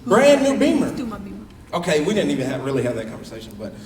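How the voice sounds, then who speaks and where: On a comedy stage, a young man tells a fast stand-up story, his voice high for a man and swinging widely as he acts out its characters in shifting voices. He's animated, and the mic sits distant, set back in a roomy hall.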